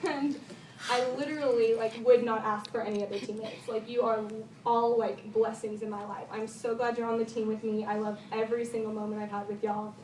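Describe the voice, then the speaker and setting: A woman's voice: a little high, flat delivery, a little fast, background noise. A teenage girl giving a rambling, heartfelt thank-you speech at a golf banquet, full of "like" and "um". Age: teens. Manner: bubbly, rambling, lots of "like" and "um". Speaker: high school golfer giving a banquet speech. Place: banquet room. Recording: echoey room from far off with loud ambience.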